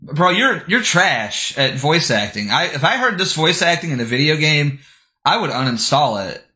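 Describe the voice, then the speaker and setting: Bright and forceful, with a slightly high, sing-song voice at a moderate pace, this young man streams reactions to posts and videos. He's scornful and crude, swears a lot and bursts out laughing, and the room echoes noticeably.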